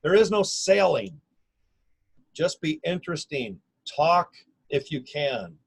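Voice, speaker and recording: A man in his fifties talks casually and energetically into his own camera, pitching an online business in a folksy, slangy, emphatic way. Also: very animated, slow, vocal fry, slightly rough, low-quality recording. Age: 50s. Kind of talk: casual self-recorded video pitch. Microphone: camera or phone mic.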